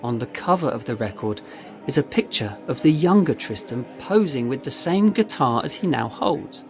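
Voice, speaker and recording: Man telling a story, steady measured reading, average pitch, soft guitar in the back. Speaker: narrator. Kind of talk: storytelling narration. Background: faint guitar music.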